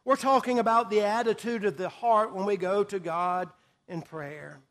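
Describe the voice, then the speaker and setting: A man's voice: high-pitched, normal speed, a bit bright. A middle-aged man preaching a sermon, earnest and emphatic, rising in volume on key phrases.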